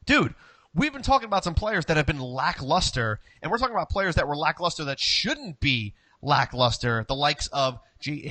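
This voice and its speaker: A man's voice: on the high side, pushed and bright, no room sound. A man co-hosting a casual soccer talk show, reading viewer comments aloud in a loose, chatty way. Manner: loose, chatty, says "dude" and "listen". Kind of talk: casual chat.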